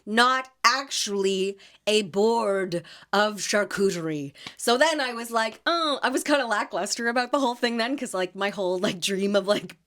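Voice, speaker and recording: A Canadian woman in her thirties hosts a podcast, casually and animatedly chatting about her weekend working as a market vendor, laughing and using fillers often. Her voice is medium-pitched and a bit bright, at a moderate pace.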